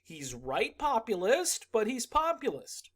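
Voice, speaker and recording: A man giving sarcastic, animated political commentary in a vlog. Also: very high voice, unhurried.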